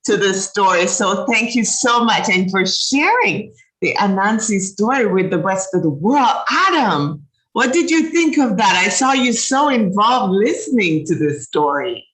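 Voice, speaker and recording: A woman hosting a children's show who talks in a bright, forward voice and is casual and encouraging with her guests. Her voice sits in a roomy, echoing space. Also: mid-range voice, animated, measured pace. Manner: warm, encouraging, thankful. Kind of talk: casual chat. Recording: roomy echo.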